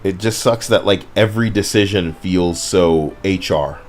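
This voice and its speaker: A man's voice: low voice, unhurried, slight background noise. A young man casually commenting on a game stream, rambling and talking to his chat. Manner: rambling, apologetic, talks to chat.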